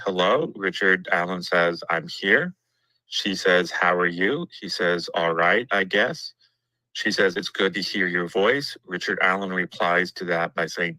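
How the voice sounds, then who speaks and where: Male guest, low voice, crisp forward tone; matter-of-fact note reader. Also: bright, forceful tone, dry recording, low-quality recording. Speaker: guest reading courtroom notes. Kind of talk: livestream discussion, reading notes aloud.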